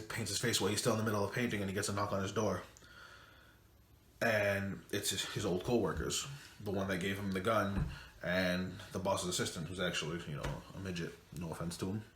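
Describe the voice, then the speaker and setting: A movie reviewer with a low, fairly bright voice gives a casual recap of a film's plot, rambling loosely and swearing offhandedly. He's in a room at home late at night, and the recording is echoey with faint background noise.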